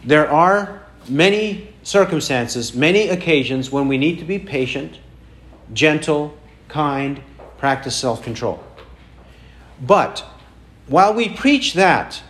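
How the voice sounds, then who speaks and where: A man's voice: on the high side, animated, takes it slowly, a bit bright. A man preaching a sermon, asking the congregation questions and repeating key phrases for emphasis. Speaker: pastor.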